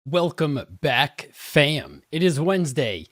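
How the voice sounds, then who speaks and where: A young man streaming crypto news with a fairly high voice that rambles between slang and market talk. He sounds worn out after a long day, yet keeps the hype going. The sound is close and dry, with no room echo. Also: big pitch swings, takes it slowly, a bit bright. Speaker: crypto livestream host. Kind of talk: casual livestream commentary.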